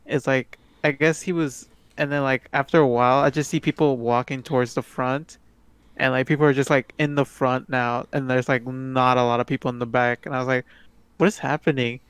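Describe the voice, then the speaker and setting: A man's voice: mid-range voice, level tone, brisk, a bit bright, smooth, dry recording. A young man co-hosting a podcast, telling a rambling story full of fillers and restarts. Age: young adult. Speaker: podcast co-host. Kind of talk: casual chat.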